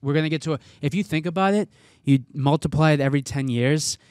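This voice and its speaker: Man with a smooth, dry voice. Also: on the high side, fast, darkish tone, no room sound. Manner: rambling, restarts his thoughts. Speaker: podcast co-host. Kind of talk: casual chat.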